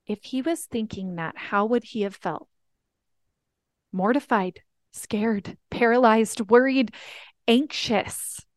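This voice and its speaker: A woman's voice: a little high, darkish tone, dry recording, clean studio sound. A woman life coach hosting a podcast, telling family stories in an earnest, teaching way. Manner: earnest storytelling, reenacts family talks.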